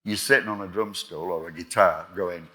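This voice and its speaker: Older man telling lively studio stories. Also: deep voice, normal speed. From England. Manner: animated anecdotes, acting out quoted exchanges, swears freely. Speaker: guest musician. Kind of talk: storytelling in a live interview.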